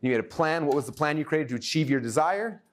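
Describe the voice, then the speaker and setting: A man teaching a live workshop to an audience, energetic and excitable, acting out his own thoughts as he goes. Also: on the high side, fast.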